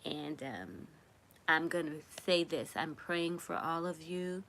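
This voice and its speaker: A woman hosting a crochet live stream, speaking in a gentle, encouraging and emotional way while close to tears. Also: low voice, animated, measured pace. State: tearful, runny nose. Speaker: crochet livestream host. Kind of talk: casual live-stream talk.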